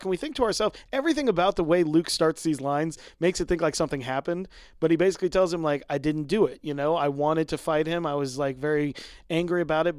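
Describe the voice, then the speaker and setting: A man co-hosting a podcast, chatting casually about a TV episode, animated and laughing often as he acts out the characters' lines. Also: a little high, clean tone, no echo, studio quality. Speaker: podcast co-host. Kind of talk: casual chat recapping a TV episode.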